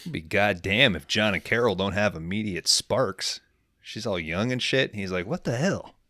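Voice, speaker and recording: A young man riffs through a movie recap on a podcast, swearing freely and rambling between jokes. His fairly low voice comes across bright and forceful. The sound is dry and close to the mic. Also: dry recording. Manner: profane, rambling, acts out characters in quick voices. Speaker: podcast co-host recapping a film. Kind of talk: casual comedic movie recap.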